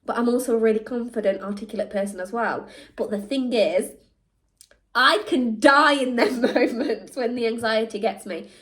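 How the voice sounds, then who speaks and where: A woman talking candidly to camera, animated, slipping into mock voices and laughing at herself. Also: a little high, moderate pace. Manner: animated, switches into mock voices when quoting people; laughs at herself mid-sentence. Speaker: vlog host.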